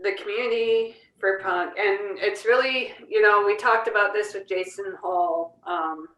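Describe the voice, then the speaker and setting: A woman co-host speaks at mid pitch in a relaxed chat, thinking aloud and rambling gently. Her voice carries a roomy echo. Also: unhurried, highs cut off. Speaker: podcast co-host. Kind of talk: casual chat.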